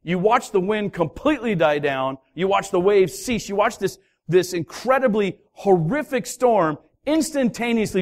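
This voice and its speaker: A pastor preaching a sermon, telling a story with lively, acted-out voices of its characters. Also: male voice, sits high, moderate pace, hardly any pauses. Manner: animated storytelling, acting out voices of the sailors. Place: church hall.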